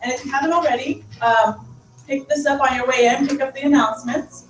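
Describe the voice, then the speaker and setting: A woman's voice: sits high, fairly even intonation, a little fast. A woman leading a team meeting, upbeat and cheering the group on. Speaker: meeting leader. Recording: roomy far-off mic with music behind.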